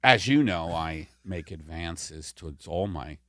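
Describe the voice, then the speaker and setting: A man's voice: sits low, expressive, measured pace, fairly bright tone. A middle-aged man hosting a comedy podcast, rambling and self-deprecating, swearing freely as he chats. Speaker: podcast host. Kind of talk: casual comedy podcast chat.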